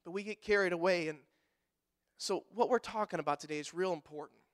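A male pastor gives an animated church sermon at a brisk pace, his voice sitting high as he jokes with the congregation and acts out quotations in other voices.

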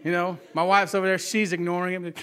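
A man in his thirties, a father, telling a family anecdote in a casual, animated way and often asking "right?". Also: high-pitched, fast, smooth.

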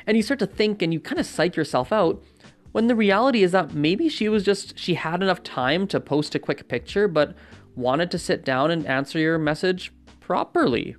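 A man's voice: on the high side, expressive, normal speed, soft background music. Casual, rambling man giving advice. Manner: rambling, with many fillers and self-corrections; conversational, often asks "right?". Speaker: language-learning vlogger.

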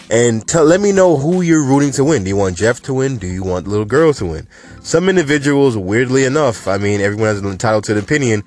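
Male host, casual news commentary, animated and emphatic, mid pitch, faint music underneath. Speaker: cannabis news show host.

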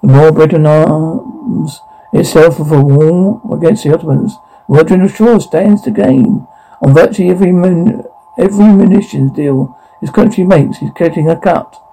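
A gravelly, shrewd Victorian man. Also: fairly high pitch, normal speed, dark tone, low-quality recording. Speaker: character in a Victorian-era drama. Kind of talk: period television drama dialogue.

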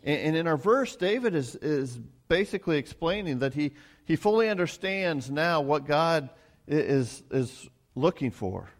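Halting, folksy man preaching a sermon. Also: fairly high pitch, expressive. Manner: halting, repeats words, folksy asides. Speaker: pastor.

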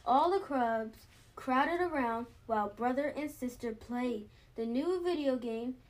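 A woman reading a children's storybook aloud, steady with small slips and restarts. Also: sits high, measured pace. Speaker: storybook reader. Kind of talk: children's book read-aloud.

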